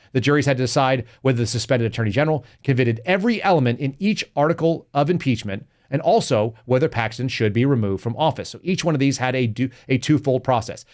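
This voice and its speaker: A man's voice: mid-range voice, darkish tone. A man hosting a live political podcast, reading news articles aloud and commenting in a combative, sarcastic way. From Texas. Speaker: podcast host.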